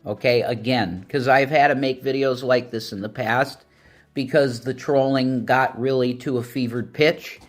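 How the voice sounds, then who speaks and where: A man's voice: mid-range voice, fairly even intonation, unhurried. A man ranting earnestly to camera at his critics, insistent and repeating points for emphasis. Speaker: video creator addressing critics.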